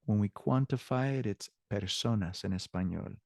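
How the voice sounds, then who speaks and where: Lower-voiced guy teaching spanish, upbeat and encouraging, dry close sound. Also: normal speed, vocal fry, darkish tone, no echo. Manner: upbeat, encouraging, self-correcting. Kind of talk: online class lesson.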